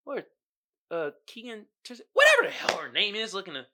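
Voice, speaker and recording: A man's voice: high-pitched, huge pitch swings, fairly quick, bright, forceful tone, slight background noise. A man hosting a podcast in casual comedic chat, laid-back and slangy, laughing often and calling his listeners y'all. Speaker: podcast host.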